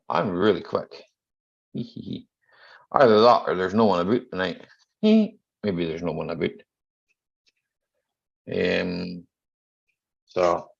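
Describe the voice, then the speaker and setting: A man's voice: low-pitched, creaky, dull audio. A man hosting a casual live stream chat, greeting viewers one by one by name in a chatty, easygoing way. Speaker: livestream host.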